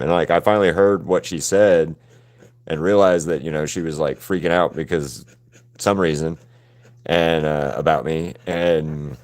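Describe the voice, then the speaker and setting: A man with a deep, low voice chats loosely with his viewers during a live painting stream. He rambles, stays laid-back, and swears freely as he goes. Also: steady tone, normal speed, a little mellow. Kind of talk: casual livestream chat with viewers.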